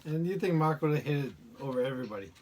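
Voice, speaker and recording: A woman's voice: deep voice, lively intonation, rapid-fire. A woman co-hosting a podcast in casual chat, adding short dry asides. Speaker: podcast co-host. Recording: loud background noise.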